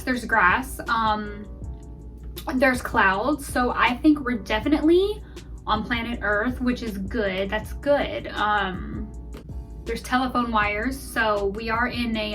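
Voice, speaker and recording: Chatty woman thinking out loud, higher voice. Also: slow pace, recorded from a distance, faint music behind. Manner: thinks aloud, rambling and self-deprecating. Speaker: vlogger. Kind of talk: casual gameplay commentary.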